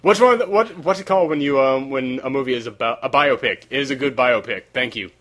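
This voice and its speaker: Talking fast in a medium-pitched, somewhat bright voice, this man hosts a laid-back podcast from a sweltering room lacking air conditioning. Fatigue and a sore voice show as he rambles and searches for words.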